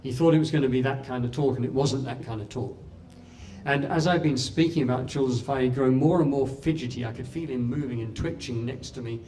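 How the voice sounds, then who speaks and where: A man giving a talk in an impassioned storytelling way, with dramatic pauses. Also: medium pitch, dark tone, distant mic, a little hiss or hum. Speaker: speaker at a talk. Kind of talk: storytelling speech.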